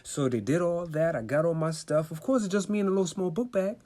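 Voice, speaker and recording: A young man from Washington, D.C., telling a comic story casually and acting out the other people's voices. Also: fast talker. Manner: animated, acts out voices with high squeals.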